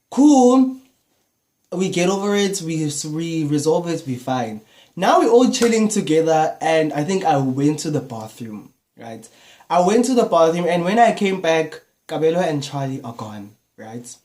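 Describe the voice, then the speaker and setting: A young man with a South African accent, telling a personal story in a casual, animated vlog style. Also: a little high, moderate pace. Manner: casual, animated retelling with slang fillers. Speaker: YouTuber.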